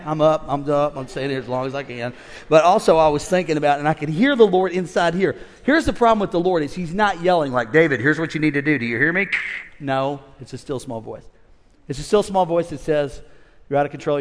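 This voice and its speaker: A man in his fifties preaching a sermon, swinging between loud calls to the congregation and quiet storytelling. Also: fairly high pitch. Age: 50s. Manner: animated preacher, shifts from shouting to quiet storytelling. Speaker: pastor. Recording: long reverb of a large hall.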